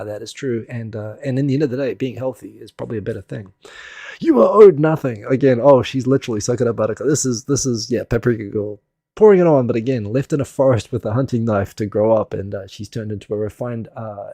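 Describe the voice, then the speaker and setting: Gravelly, husky man rambling on a stream. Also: mid-range voice, warm tone, dry recording, clean studio sound. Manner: rambling, self-deprecating, laughs often. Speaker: live stream host. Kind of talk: casual live stream commentary.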